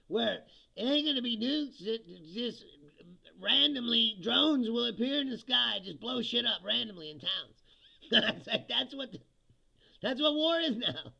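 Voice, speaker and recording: A man's voice: very high-pitched, lively intonation, a little slow, vocal fry, pushed and bright. A male comedian hosting a casual livestream, swearing, joking sarcastically and laughing often as he reads viewer comments. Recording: dull lo-fi stream audio.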